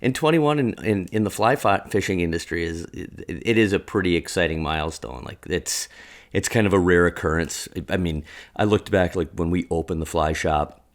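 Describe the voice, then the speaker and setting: A low-voiced man in his forties from Wisconsin talks as a podcast guest, joking and lively. He often restarts his sentences mid-thought. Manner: animated, jokey, quick restarts. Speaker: guest, fly shop owner. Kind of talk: casual podcast interview chat.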